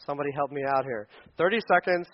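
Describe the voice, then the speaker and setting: The dull, lo-fi recording captures a pastor speaking to parents at a quick pace in a fairly high voice. His sermon is casual and full of jokes, and he acts out little scenes in funny voices.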